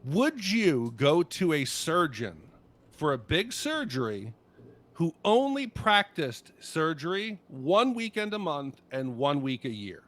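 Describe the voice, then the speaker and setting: A man on a casual movie podcast speaks with fiery conviction and curses freely. His voice sits a little high and swings widely in pitch as he drives his points home. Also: big pitch swings, slow pace, fairly bright tone. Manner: passionate, blunt, swears. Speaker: podcast co-host.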